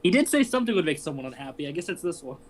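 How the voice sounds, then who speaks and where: A man playing a tabletop game, eager and excitable. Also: a little high, rapid-fire, slight background noise. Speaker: player. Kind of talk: tabletop role-play chat.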